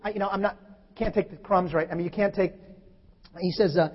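A male preacher giving a lively sermon, acting out scripture lines with sudden loud bursts. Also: sits high, a little fast, pauses often, husky. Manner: animated, acts out scripture quotes with sudden loud shifts. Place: church hall. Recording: muffled hall recording.

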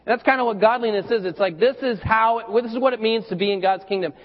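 A man's voice: high-pitched, fast talker. A man pastor preaching a sermon in a loose, conversational way, often repeating words as he goes. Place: church hall. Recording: dull lo-fi recording with hall reverb.

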